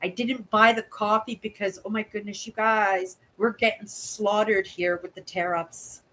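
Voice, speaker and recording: A woman's voice: medium pitch, fairly even intonation, a little slow, pushed and bright, poor audio. A woman, chatting casually as a channel host and telling stories with a running "right?". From Canada. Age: 60s. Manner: chatty storyteller, keeps asking "right?"; acts out voices in quoted dialogue. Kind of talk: casual live chat.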